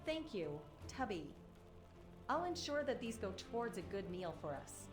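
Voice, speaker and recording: A woman's voice: medium pitch, sing-song, a little slow. A woman voicing a cheerful, chatty young villager in a game, with an AI-generated voice. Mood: friendly. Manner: chatty, lightly joking. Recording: echoey game audio over music.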